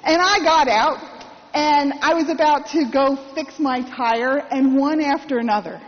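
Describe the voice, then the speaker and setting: A woman priest preaching with a high, light voice, spinning a personal story with wry humor and acting out the quotes. She is heard in a church with a long echo, and the sound is dull and lo-fi. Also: measured pace. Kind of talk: sermon.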